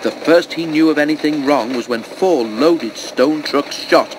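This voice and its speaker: A man reading a children's storybook aloud in a steady, expressive storytelling voice. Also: fairly high pitch, unhurried, background noise. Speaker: storybook reader.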